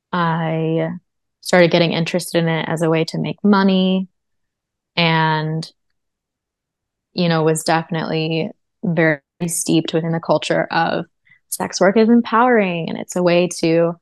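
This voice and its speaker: Low, gravelly-voiced woman sharing testimony. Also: dry recording. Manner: earnest and reflective, with frequent fillers. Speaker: interview guest. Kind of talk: personal testimony in a podcast interview.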